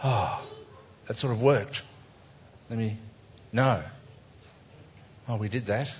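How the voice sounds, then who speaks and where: A man's voice: on the low side, takes it slowly, a little hiss or hum. Wry Australian man on a dull recording. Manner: wry, chatty, self-mocking. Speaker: cartoonist presenting his cartoons. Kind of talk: casual live talk to an audience.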